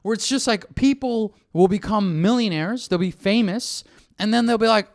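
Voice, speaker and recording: A man's voice: high voice, normal speed. A man, a comedian co-hosting a podcast, chatting casually, agreeing often and laughing along. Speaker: comedian co-host.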